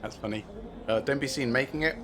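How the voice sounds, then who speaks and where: A man talks through a strategy game as he streams it, mid-pitched and unhurried. He thinks aloud, stopping often on "uh" and "um" as he weighs each option. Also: noisy background. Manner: thinks aloud with many filler pauses. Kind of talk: casual gameplay commentary.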